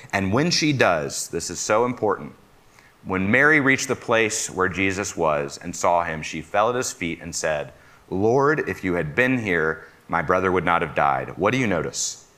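A man's voice: low-pitched, sharp tone. A man preaching a conversational sermon. He asks his listeners questions and counts himself among them as a fellow "fixer.".

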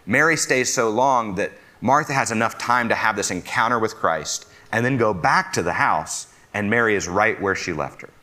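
A man's voice: on the low side, lively intonation, normal speed, hardly any pauses, bright, forceful tone. A man preaching a conversational sermon. He asks his listeners questions and counts himself among them as a fellow "fixer.".

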